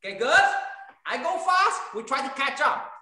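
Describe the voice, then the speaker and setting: A man's voice: very high-pitched, sing-song, normal speed, bright, forceful tone. A man teaching an online kids' kung fu class, giving short drill commands and counting reps aloud in a training studio. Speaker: martial arts instructor. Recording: very echoey room, voice far from mic.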